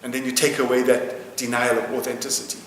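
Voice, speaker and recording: This interviewee has a medium pitch, a completely flat delivery, a quick pace, and a fairly bright tone, with a little hiss or hum. Still, he answers passionately and emphatically, repeating phrases to make his point, in a reverberant hall where faint music plays.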